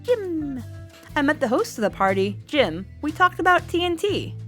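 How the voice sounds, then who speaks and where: A woman's voice: sits high, sing-song, normal speed, a bit bright, soft background music, voice pushed up. A woman voicing a shy young woman at a party, speaking hesitantly and eager to please.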